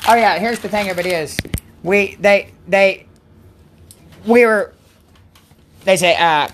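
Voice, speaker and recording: A woman's voice: mid-range voice, slow, slight background noise. Rambling woman hosting a devotional stream. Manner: rambling, self-interrupting, chatty. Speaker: host of a Christian livestream. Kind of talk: casual devotional chat.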